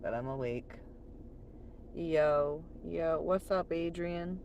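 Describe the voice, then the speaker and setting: A woman's voice: deep voice, takes it slowly, darkish tone, lo-fi sound, a little hiss or hum. A woman chatting on a late-night livestream from home, profane and laughing often while she reads chat aloud.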